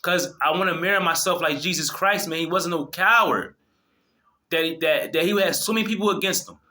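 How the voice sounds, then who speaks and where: This time the host's voice runs a little high and a little fast, with a pushed, bright quality. He's still preaching passionately at his audience, swearing liberally and frequently starting his sentences over.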